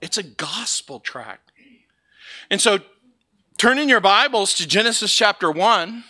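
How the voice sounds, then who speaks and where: A man from Southern California preaching a sermon in a church, joking and telling stories in a lively way before turning to scripture. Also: sits high, measured pace. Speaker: pastor. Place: church sanctuary.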